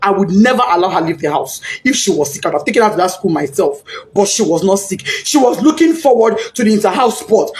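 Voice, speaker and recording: A woman's voice: mid-range voice, lively intonation, a little fast, darkish tone. A middle-aged woman with a Nigerian accent, a grieving mother giving an impassioned, pleading interview and repeating herself. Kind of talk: emotional interview testimony.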